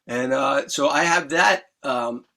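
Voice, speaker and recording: A man's voice: medium pitch, slow pace, bright, forceful tone. A middle-aged man, telling his story in an interview in an earnest, emphatic way and repeating his key words. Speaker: guest musician. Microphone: remote interview mic.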